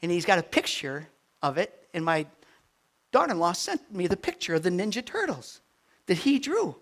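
An older man preaching, his fairly high voice swinging from soft, rambling asides up to loud, emphatic peaks. He speaks as a pastor delivering a sermon. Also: moderate pace, gravelly. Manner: animated, rising to near shouting at peaks, rambling asides.

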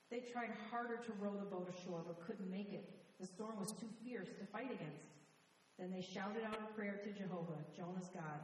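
A woman reading scripture aloud to a congregation with clear, measured delivery. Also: medium pitch, slight background noise. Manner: clear, measured reading with dramatic emphasis on quotes. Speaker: scripture reader. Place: church sanctuary. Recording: echoey hall from far off.

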